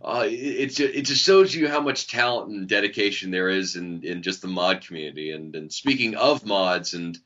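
A man co-hosting a casual gaming podcast, riffing with animated jokes. His voice is low but bright and forward. It comes through a dull, lo-fi recording. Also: moderate pace, few pauses. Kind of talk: casual chat about video games. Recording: dull lo-fi sound.

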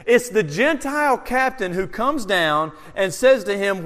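A pastor preaching a verse-by-verse sermon, asking rhetorical questions, sometimes loud and sometimes hushed. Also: male voice, high-pitched, animated, measured pace, big-room sound. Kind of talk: expository sermon.

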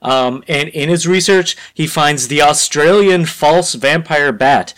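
A man co-hosting a podcast in casual chat, rambling through a story pitch with lots of fillers. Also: unhurried, fairly bright tone. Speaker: podcast co-host.

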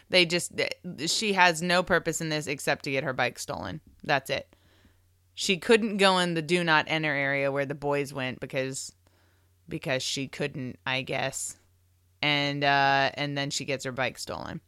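A woman's voice: low voice, unhurried, bright, forceful tone, smooth, dry recording, clean studio sound. A woman co-hosting a podcast, chatting casually about a film with wry, critical remarks. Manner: wry and critical, acts out reactions. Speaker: podcast co-host. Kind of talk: casual movie commentary chat.

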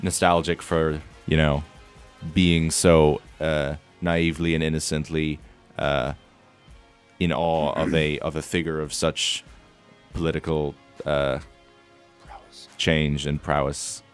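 A young man of nineteen talks casually with friends, his voice deep and low. He hesitates a lot, piling up fillers and restarts before getting to his point. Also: flat delivery, slow, clean tone, faint music behind. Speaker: friend in conversation. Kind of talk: casual chat.

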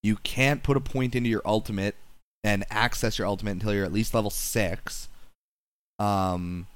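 A young man talks through a game in an easy, rambling way, doubling back on his words with plenty of fillers. His voice sits a little low, and it comes over an online voice call with a dry, close sound. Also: steady tone, moderate pace, clean tone, dry recording. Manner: rambling, lots of fillers and restarts. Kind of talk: casual gaming chat.

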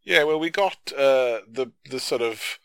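A man's voice: medium pitch, measured pace, vocal fry, clear, resonant tone, dry recording. A man in a casual film discussion, talking in a hesitant, wry, slangy way.

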